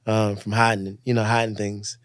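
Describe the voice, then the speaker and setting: A man from Louisiana talks as a guest in a kitchen. His voice sits low and he rambles in a relaxed, easygoing way, with plenty of laughs and fillers. The sound is close and dry. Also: normal speed, dry recording. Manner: relaxed, loose, laughs a lot, trails off into fillers. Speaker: guest comedian and entrepreneur. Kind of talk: casual chat.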